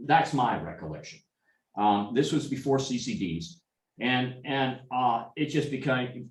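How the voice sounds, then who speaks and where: A middle-aged man telling rambling, anecdotal stories at an informal club meeting, with many restarts and asides. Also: lowish voice. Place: meeting room. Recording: echoey room, speaker far from mic.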